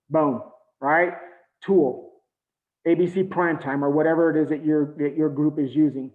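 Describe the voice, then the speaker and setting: A man's voice: a little high, fairly even intonation. Earnest man on a tinny, echoey call. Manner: earnest, halting, many fillers. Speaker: team trainer. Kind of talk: motivational training talk.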